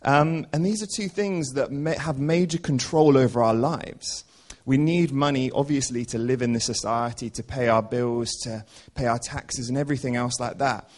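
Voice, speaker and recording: A man's voice: mid-range voice, normal speed. A young man preaching a casual, earnest church sermon, with many ums and restarts.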